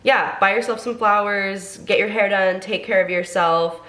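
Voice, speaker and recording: A woman's voice: medium pitch, steady tone, moderate pace, pushed and bright. A young woman with a congested voice, reading tarot cards in a chatty, encouraging way full of fillers. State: congested from a cold. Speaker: tarot reader.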